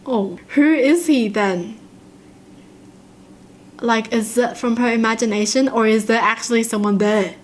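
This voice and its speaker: A woman with a fairly high voice reads short stories aloud and stops to react to them. Her delivery is expressive and chatty, with quick comments between the stories. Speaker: reaction channel host.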